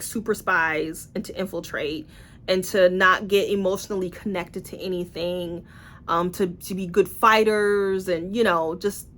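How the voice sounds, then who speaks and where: A woman, a teen librarian, giving a casual spoken book review in an exasperated, sarcastic tone, often acting out her own incredulous reactions. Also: medium pitch. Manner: exasperated, sarcastic, acts out incredulous inner voices.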